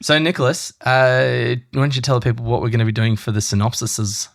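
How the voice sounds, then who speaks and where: A man's voice: mid-range voice, flat delivery, a little fast, vocal fry, dry recording, studio quality. A man hosting a casual film podcast, rambling and cutting himself off with goofy asides. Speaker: podcast host.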